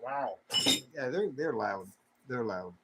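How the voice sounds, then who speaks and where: A man hosting a late-night livestream chat in a folksy way, greeting viewers with loud whoops. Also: mid-range voice, lively intonation, slow pace, creaky, highs cut off. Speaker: livestream host. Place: home studio with air conditioner running. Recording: faint air conditioner hum.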